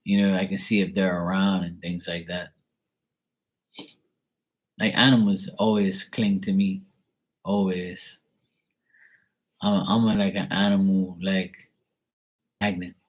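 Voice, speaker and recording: Man, deep low voice, rambling casual livestream chat, laid-back, candid. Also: flat delivery, a little slow, long pauses. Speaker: live tarot reader. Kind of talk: casual live-stream chat.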